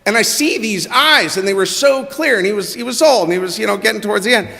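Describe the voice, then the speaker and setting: Storyteller: middle-aged man, bright high voice, lively delivery, church hall reverb. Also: quick pace, gravelly. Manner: animated, quotes people in their own voices. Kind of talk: personal story told to a congregation. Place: church sanctuary.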